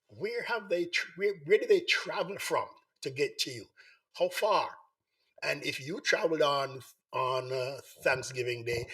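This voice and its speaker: Hoarse man hosting a live talk show. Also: fairly high pitch, lively intonation, normal speed, fairly bright tone. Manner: repetitive, coaxing appeals to viewers. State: hoarse from flu. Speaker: host.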